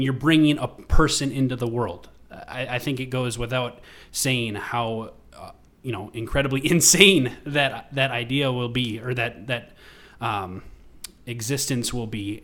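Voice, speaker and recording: A man co-hosting a podcast, talking casually with frequent ums and uhs. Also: medium pitch. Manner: relaxed, lots of ums and uhs. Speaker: podcast co-host.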